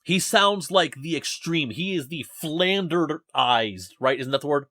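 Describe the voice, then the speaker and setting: A man's voice: on the high side, expressive, unhurried, sharp tone, no echo, studio quality. A young man hosting a casual podcast from his basement, rambling and self-deprecating as he talks. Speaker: podcast host. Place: home basement.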